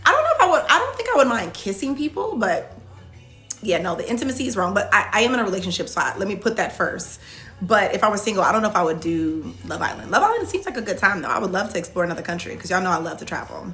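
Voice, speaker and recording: Fielding viewer comments in real time, this reality show contestant chats loosely on a livestream Q&A, full of "like" fillers and restarts. She talks fast in a mid-range, somewhat bright voice with big pitch swings, over soft background music.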